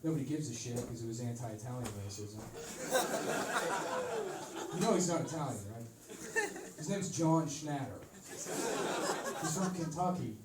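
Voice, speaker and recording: A man in his thirties doing a stand-up comedy set in a rambling deadpan, now and then breaking into loud shouts. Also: medium pitch, normal speed, long pauses, over a noisy crowd, heavy background noise. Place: comedy club stage with a live audience. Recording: roomy, distant audience recording with laughter.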